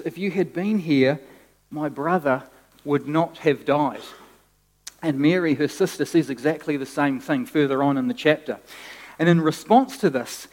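A man preaching a sermon as pastor, animated and conversational, often restarting his phrases. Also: fairly high pitch, big-room sound.

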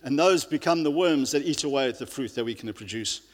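A man's voice: mid-range voice, lively intonation, fairly quick. A male pastor giving an earnest sermon, often restarting his sentences and using fillers. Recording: long reverb of a large hall.

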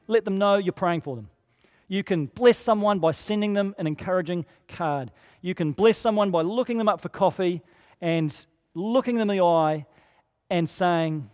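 Man, pastor, sermon, high-pitched, earnest conversational delivery, rhetorical questions, echoing hall. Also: moderate pace, a little mellow.

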